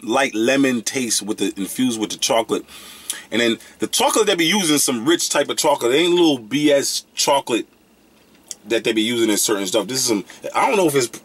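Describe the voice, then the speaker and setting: A young man casually reviewing snacks in a vlog, excitable and slangy, breaking into loud whoops. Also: mid-range voice, breathy edge.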